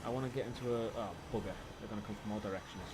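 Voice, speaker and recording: A man's voice: lowish voice, steady tone, rapid-fire, heavy background noise. A man with a British accent tinged with Welsh, chatting and swearing his way through a horror game on a live stream. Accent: British, slightly Welsh. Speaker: gaming streamer.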